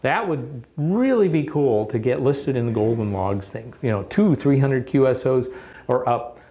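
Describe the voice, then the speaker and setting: A man's voice: mid-range voice, animated, unhurried, warm tone. Emphatic man coaching a conference crowd. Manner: coaching, emphatic, with frequent "okay?" check-ins. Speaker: presenter at a radio contesting workshop. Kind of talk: conference presentation.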